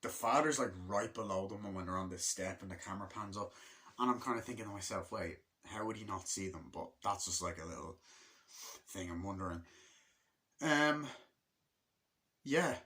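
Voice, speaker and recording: A man's voice: on the low side, bright, forceful tone. A man giving a casual spoken movie review, rambling and chatty with many fillers and restarts. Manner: acts out film characters' lines in quick put-on voices.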